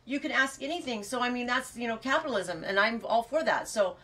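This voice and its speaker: Chatty woman, bright voice, a bit distant. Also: fairly high pitch, a little fast. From California. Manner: rambling and chatty, laughs often. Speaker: farm vlogger reading viewer comments. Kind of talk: casual chat.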